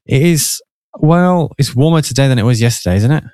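A man's voice: medium pitch, lively intonation, brisk, dark tone, clean tone, no echo. A man co-hosting a live studio chat, easygoing and agreeable, with hesitant fillers. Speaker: co-host. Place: small studio.

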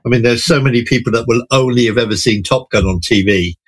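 A man's voice: mid-range voice, husky, no room sound. Chatty man reviewing films. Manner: enthusiastic, chatty, some halting restarts. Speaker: film reviewer. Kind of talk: casual radio chat. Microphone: studio microphone.

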